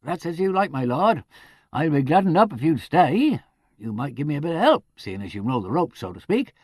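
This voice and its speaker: A man's voice: a little high, big pitch swings, fairly quick, a little mellow, slightly rough, no room sound, studio quality. A man doing a rustic, ponderous country superintendent. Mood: explaining. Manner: broad rural dialect, ponderous and fond of quotations. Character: pedantic rustic country police superintendent, middle-aged man.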